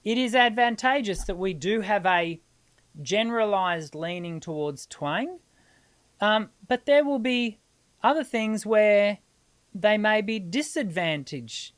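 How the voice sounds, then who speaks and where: An Australian woman, a singing teacher hosting a live question-and-answer stream, explaining in a lively way and laughing easily. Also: medium pitch, takes it slowly.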